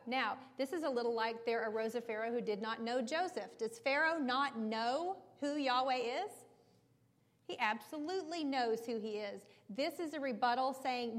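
A woman's voice: sits high, animated, moderate pace, long reverb tail. A woman teaching a Bible study, explaining in a conversational way and checking in with her listeners.

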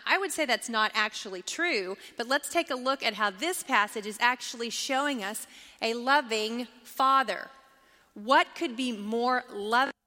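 Woman Bible teacher, engaging, quizzes the class, forceful tone, long hall reverb. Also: fairly high pitch. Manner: engaging, asks the class questions.

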